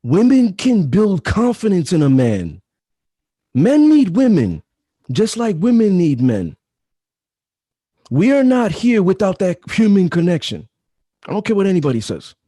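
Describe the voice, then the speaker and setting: A man's voice: sits high, huge pitch swings, a little slow, long pauses, dark tone, no echo, studio quality. A man in his thirties, a podcast guest talking casually, with emphatic, repetitive advice-giving. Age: 30s. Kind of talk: casual chat.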